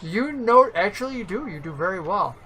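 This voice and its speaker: A woman narrating a tabletop game as game master, lively and playful. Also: medium pitch, brisk, poor audio. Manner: lively, playful, laughs often.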